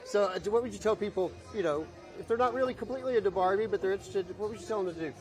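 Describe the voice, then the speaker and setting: Casting: quick, slightly higher-voiced male TV reporter, stumbling and filler-heavy, music behind. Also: darkish tone. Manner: fast, halting, with many fillers. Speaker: TV field reporter. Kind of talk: live on-location interview. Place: collectibles show.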